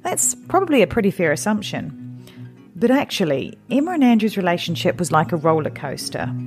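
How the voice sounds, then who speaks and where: A woman's voice: lowish voice, sing-song, a little fast, faint music behind. A woman hosting a documentary podcast, narrating a scripted story in a conversational, guiding way.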